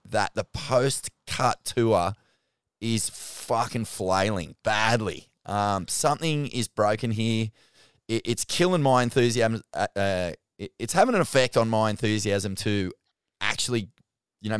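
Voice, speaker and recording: A man co-hosting a podcast in casual chat, excitable and swearing freely. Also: fairly low pitch, clear, resonant tone, no room sound, studio quality. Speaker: podcast co-host.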